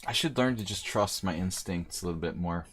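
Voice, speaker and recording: A man's voice: low-pitched, brisk, fairly bright tone. A middle-aged man streaming a chess game live, thinking aloud and chatting with viewers in a joking, casual way. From United States. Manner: chatty and joking, answering chat mid-game.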